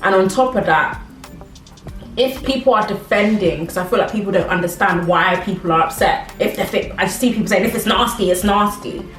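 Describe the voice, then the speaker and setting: Her pitch is medium and her delivery brisk, captured by a distant mic amid room echo and faint music. The young British-born vlogger keeps up a casual, laugh-filled mukbang chat to camera, eating as she goes.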